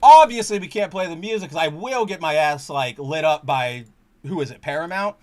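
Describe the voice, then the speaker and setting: A young man hosting a casual podcast, telling a rambling, excitable story full of restarts and swearing. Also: on the high side, normal speed. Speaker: podcast host.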